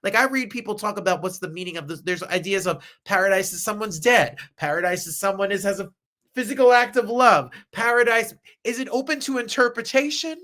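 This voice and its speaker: A man's voice: high-pitched, a little fast, bright, forceful tone. A man hosting an interview, playful and teasing, asking his guest questions in casual chat. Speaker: interview host.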